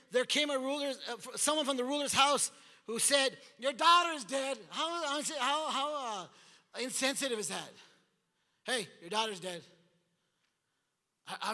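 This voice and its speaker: A man preaching a sermon as pastor, animated, acting out the voices from the scripture story. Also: very high-pitched. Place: large church hall. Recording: long church hall reverb.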